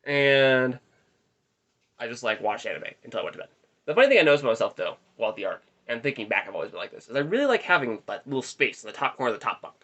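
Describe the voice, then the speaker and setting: A man's voice: mid-range voice, big pitch swings, racing, fairly bright tone, muffled recording. A young man telling a rambling, self-deprecating story in a casual vlog, recorded in his bedroom. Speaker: vlogger.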